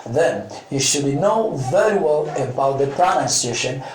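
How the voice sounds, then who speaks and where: A man's voice: a little high, animated, a little slow, recorded from a distance. A man teaching an English lesson, going over each point twice in two languages and often checking with "okay?". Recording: echoey room, voice from off mic.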